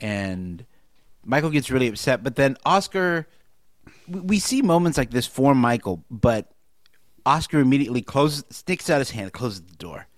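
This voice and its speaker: A man co-hosting a podcast, talking casually with wry deadpan asides and frequent laughter. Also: medium pitch, normal speed, no echo, clean studio sound. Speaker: podcast co-host. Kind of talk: casual chat.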